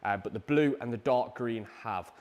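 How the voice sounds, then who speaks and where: A British man hosting a live prize draw stream, chatty and energetic, with a salesy push and frequent ums. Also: medium pitch, moderate pace, dull audio. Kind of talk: upbeat live-stream announcements.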